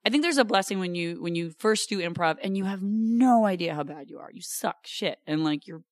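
A woman's voice: lowish voice, animated, fairly quick, no echo, clean studio sound. A woman in her thirties, a podcast guest chatting casually with a wry, self-deprecating humor. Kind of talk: casual chat.

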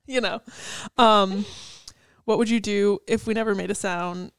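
A woman's voice: mid-range voice, steady tone, slow pace, smooth, no echo. A young woman co-hosting a casual chat, picking apart song lyrics in a chatty way full of "like" and the odd swear. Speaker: co-host.

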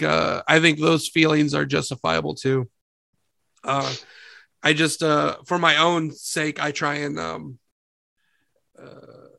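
Gravelly hoarse man with a cold. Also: on the high side, sharp tone, no room sound. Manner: rambling, restarts a lot. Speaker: podcast host. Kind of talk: casual conversation.

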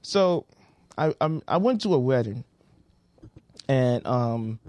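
A man co-hosting a podcast in casual chat, animated and prone to repeating himself. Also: mid-range voice, takes it slowly, no echo. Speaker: podcast co-host.

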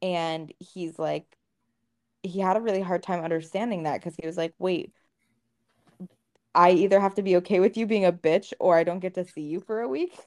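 Woman podcast co-host, frank and profane, slightly low voice, lively retelling. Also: normal speed. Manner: candid, swears freely, animated retelling. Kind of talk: casual podcast conversation.

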